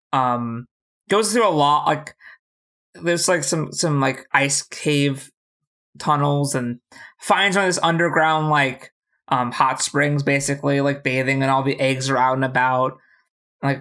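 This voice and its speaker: A podcast co-host rattling through a TV episode recap in loose, casual chat. The delivery is profane and animated, slipping into quick acted-out lines for the characters. Pitch sits in an ordinary middle range.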